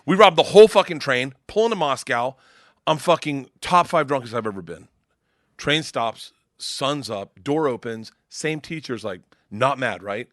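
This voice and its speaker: A male comedian guest telling a profane, animated story on a podcast, laughing as he goes. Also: mid-range voice, dry recording, clean studio sound.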